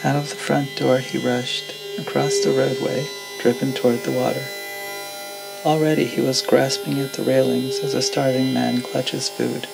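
Male audiobook narrator, gravelly, monotone delivery, music bed. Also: mid-range voice, rough recording. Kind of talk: audiobook reading of classic fiction.

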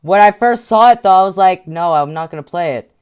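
A man giving gameplay commentary with headphones on, muttering to himself and swinging into frustrated yelling. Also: high-pitched, lively intonation, fairly quick, smooth. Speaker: gaming video creator.

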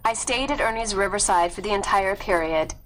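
A woman reading a story aloud in a clear, steady storytelling manner. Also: medium pitch, fairly quick, faint music behind, low-quality recording. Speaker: read-aloud narrator.

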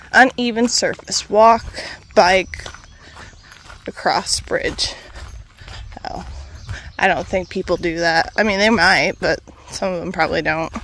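A woman's voice: mid-range voice, fairly bright tone, a little hiss or hum. Chatty woman vlogging on a walk. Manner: chatty, rambling, talks to her dog. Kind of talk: casual walking vlog. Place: outdoor trail.

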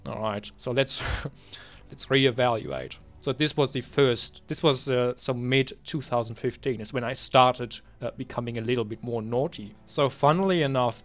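A young man talking casually while reviewing his old game bans. He mutters asides to himself and then bursts into loud, exasperated ranting. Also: medium pitch, moderate pace, hardly any pauses. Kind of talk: casual screen-recorded commentary.

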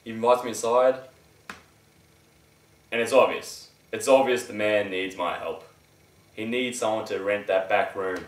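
Low-voiced, self-important man. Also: fairly even intonation, measured pace, pauses often. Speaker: housemate. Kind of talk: mockumentary interview. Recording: roomy, distant mic.

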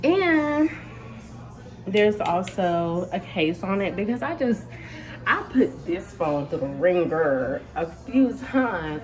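A woman's voice: on the low side, normal speed, low-quality recording. A woman vlogger chatting casually and directly to her viewers from home. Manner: chatty, animated, talks straight to viewers. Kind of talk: casual vlog chat. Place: home bathroom, indoors. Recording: music playing behind.

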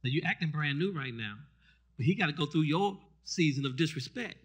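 A man preaching a fervent sermon in church. He keeps asking the congregation to respond and builds up to shouts. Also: fairly high pitch, animated, fairly quick, husky. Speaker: pastor. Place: church service.

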